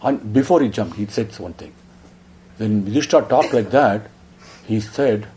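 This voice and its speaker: A man telling a sacred story in a devotional discourse, emotive, dropping hushed then rising. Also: on the low side, normal speed, pauses often. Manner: emotive, swinging between hushed and raised. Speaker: spiritual discourse speaker.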